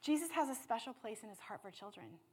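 A woman preaching a sermon with passion, dropping to hushed tones and then rising to loud appeals. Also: on the high side, very animated, quick pace, slightly rough. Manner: impassioned, swings from hushed to loud.

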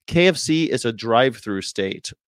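An American man doing casual live-stream commentary, animated and jokey, putting on voices and laughing often. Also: mid-range voice, normal speed, clear, resonant tone, no room sound, clean studio sound. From United States. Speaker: streamer reacting to a video.

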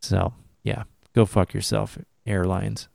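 A man's voice: fairly low pitch, level tone, slow, gravelly, a little mellow, dry recording, clean studio sound. A man co-hosting a podcast who laughs often and throws in profane asides. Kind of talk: casual chat.

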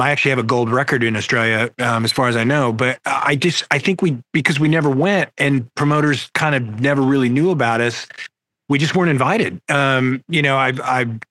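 A man in his fifties speaking as a rock-singer guest on a video call. His voice sits mid-range and dry, and he talks in a relaxed, open, storytelling way. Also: medium pitch, a little fast, no room sound. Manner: laid-back, candid storyteller. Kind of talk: casual interview over video call.

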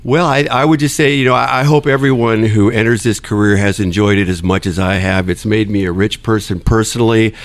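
Gravelly man giving folksy advice. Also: lowish voice, steady tone, fairly quick, few pauses. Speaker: podcast guest, nurse anesthetist. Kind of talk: casual interview chat.

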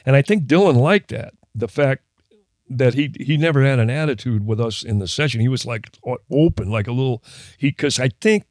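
An older man from Minnesota spins a long anecdote as a guest in a casual interview, circling back and restarting his sentences as he goes. His voice sits at a middling pitch. The sound is dry and close, with no room around it. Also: fairly quick, darkish tone, no echo. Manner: rambling, self-interrupting anecdotes with laughs. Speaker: guest musician.

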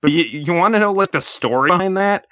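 A man co-hosting a podcast, talking through a film in an animated, casual way with lots of filler words. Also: sits high, quick pace, no room sound, lo-fi sound. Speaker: podcast co-host.

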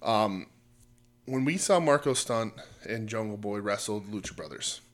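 A man's voice: on the low side, animated, moderate pace. A man co-hosting a podcast, chatting casually about wrestling in a rambling way, full of fillers and restarts. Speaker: podcast co-host.

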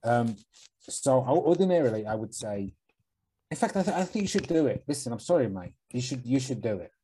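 A man's voice: mid-range voice, very animated, fairly quick, warm tone, slight background noise, low-quality recording. A man co-hosting a podcast, joking around in casual chat and giving earnest advice. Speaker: podcast co-host.

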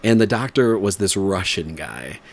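This man, in his forties, has a somewhat low, sing-song voice and a moderate pace. His loose, rambling story is packed with fillers and laughs, and his pitch leaps up when he mimics the characters.

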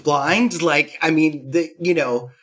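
A man's voice: medium pitch, normal speed, fairly bright tone. A man in his thirties, a guest telling a candid personal story, rambling with fillers and restarts and acting out quotes.

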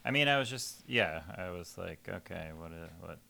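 A man on a podcast making quiet, understated remarks in a casual chat with friends. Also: low-pitched, animated, moderate pace, vocal fry. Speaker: podcast co-host.

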